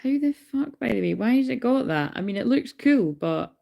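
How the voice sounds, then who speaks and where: Creaky-voiced chatty Scottish woman. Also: a little high, expressive, moderate pace, dark tone. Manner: chatty, rambling, swears casually. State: tired. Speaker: tarot card reader. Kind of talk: casual live stream chat. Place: in bed at home.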